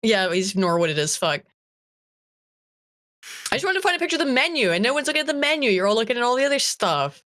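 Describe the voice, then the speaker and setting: An American woman chatting casually on a livestream, animated and laughing often, trailing off and restarting. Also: on the high side, quick pace, pauses often. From United States. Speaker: stream co-host.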